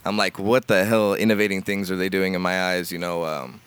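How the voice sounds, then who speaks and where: Low, smooth-voiced man rambling. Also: steady tone, a little fast, a bit bright, no room sound. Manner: rambling, filler-heavy, swears casually. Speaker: guest musician. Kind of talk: casual podcast chat.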